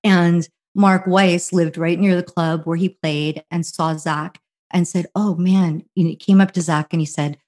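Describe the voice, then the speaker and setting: Middle-aged lady from jersey telling a story, lowish voice, lots of ums, acts out the quotes. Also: unhurried. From New Jersey. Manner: animated, acts out quotes, many fillers. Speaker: guest. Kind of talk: casual anecdotal storytelling.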